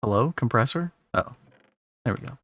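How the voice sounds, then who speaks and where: A man's voice: medium pitch, animated, normal speed, fairly bright tone, no echo, clean studio sound. A man streaming a game and joking with chat and his wife in playful, self-mocking banter. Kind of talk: casual gameplay stream chat.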